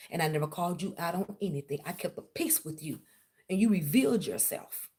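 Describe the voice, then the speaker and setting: A woman's voice: lowish voice, dark tone. A woman hosting her own tarot channel who speaks, confronting a former client in a blunt, confrontational livestream rant full of swearing. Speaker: tarot reader and channel host. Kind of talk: heated livestream rant to viewers.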